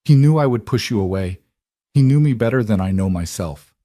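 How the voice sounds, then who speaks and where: A man voicing a grieving young mother, speaking in a tearful, pleading, halting way. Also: fairly low pitch, animated, warm tone, no echo, clean studio sound, lightly acted. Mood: sobbing apology.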